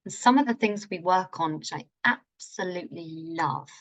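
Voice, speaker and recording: Speaking at a moderate pace in a lowish voice, this woman leads a live virtual healing masterclass. She keeps things enthusiastic and relaxed, with a playful way of phrasing things.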